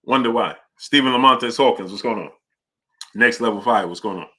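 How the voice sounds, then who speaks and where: Bright-voiced New livestream host. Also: male voice, mid-range voice, fairly quick, husky. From New York. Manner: greets viewers by name, reads super chats aloud. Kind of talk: casual livestream chat.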